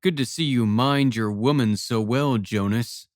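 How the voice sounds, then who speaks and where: A man reading an audiobook, voicing a calm family friend in a dry, understated way. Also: medium pitch, a little slow, dry recording, lightly acted.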